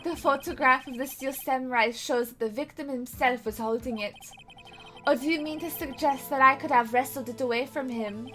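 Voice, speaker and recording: A woman voicing a petite, haughty witness who speaks in a commanding, imperious tone. The voice is bright and high, with lively rises and falls. Faint music plays behind her. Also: normal speed.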